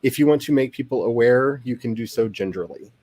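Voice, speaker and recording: A man's voice: mid-range voice, fairly quick, mellow, dry recording. A man hosting a writing livestream, chatting casually in a rambling, joking, self-deprecating way. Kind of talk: casual chat.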